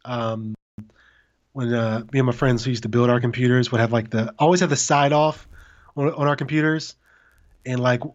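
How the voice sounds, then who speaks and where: A man's voice: medium pitch, fairly even intonation, moderate pace, highs cut off. A man co-hosting a podcast remotely, chatting casually with a teasing, rambling manner. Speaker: podcast co-host. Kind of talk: casual tech chat.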